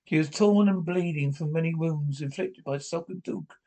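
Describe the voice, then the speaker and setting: An audiobook narrator with a somewhat high, dark-toned voice reads a classic adventure novel on a rough recording. His amateur, unpolished narration halts and stumbles, restarting words often as he pushes on through the story.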